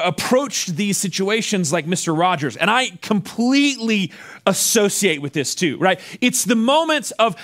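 A male pastor delivers a sermon with an unusually high voice. His pitch swings widely as he preaches, and he often repeats words when he restarts a thought.

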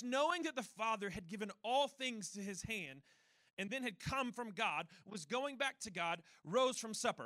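High, bright-voiced young preacher. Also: male voice, dry recording. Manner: conversational, self-deprecating storytelling. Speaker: pastor. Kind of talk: sermon.

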